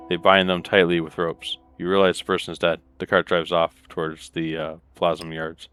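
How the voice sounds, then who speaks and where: A man's voice: sits low, level tone, moderate pace, fairly bright tone, clear, resonant tone, soft background music. A man playing a game, reading its text aloud in casual commentary with laid-back muttered asides, on a close desk mic. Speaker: let's play gamer.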